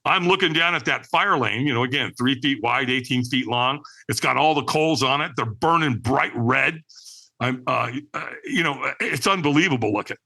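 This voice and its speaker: A man on a podcast as a guest recounts a personal story with lively energy, mimicking other people's lines and frequently asking "right?". He has a medium-pitched voice with vocal fry and talks at a normal speed.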